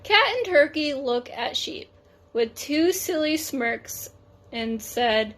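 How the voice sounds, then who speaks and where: A woman teacher reading a picture book aloud, slow and deliberate. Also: sits high, lively intonation, a bit bright. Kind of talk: storybook read-aloud.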